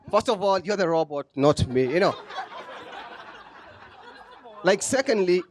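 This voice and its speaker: A man from Kenya doing a sarcastic stand-up comedy set on a comedy club stage. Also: fairly high pitch. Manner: sarcastic, deadpan irony.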